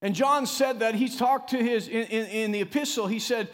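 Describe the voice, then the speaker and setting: A man preaching a sermon as pastor, emphatic and animated, often rising loud and dropping to a near hush. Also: moderate pace, few pauses, long reverb tail. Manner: emphatic preacher who rises and drops in pitch and loudness, calling "come on".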